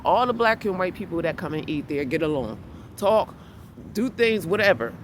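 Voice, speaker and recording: A woman vlogging and telling a story in a blunt, animated way that turns heated. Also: on the low side, normal speed. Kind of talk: casual storytelling vlog. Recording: clear outdoor street noise behind.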